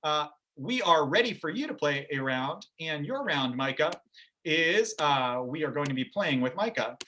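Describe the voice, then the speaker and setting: Upbeat male host, high bright voice, chatty and joking on a video call. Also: expressive, moderate pace. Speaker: game show host. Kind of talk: livestream game show hosting.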